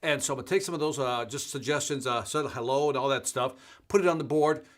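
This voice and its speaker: A man's voice: mid-range voice, quick pace. A middle-aged man hosting a live sales show, chatting casually and greeting viewers by name with energy. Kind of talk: casual live-stream chat.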